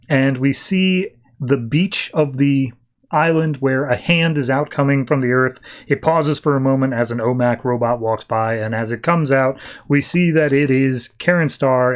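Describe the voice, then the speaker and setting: Chatty man recapping comics casually. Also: medium pitch. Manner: loose and chatty, frequent "like". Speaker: podcast host.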